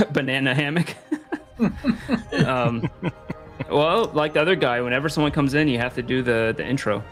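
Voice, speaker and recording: A man running a tabletop game as game master, easygoing and quick to laugh. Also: medium pitch, fairly bright tone, faint music behind.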